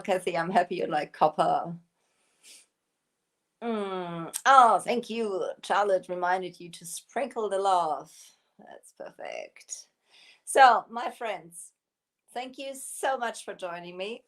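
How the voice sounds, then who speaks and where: A woman with a German accent hosting a casual live stream about her craft shop, chatty and laughing often as she reads viewer comments. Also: medium pitch. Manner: giggly, laughs often while talking.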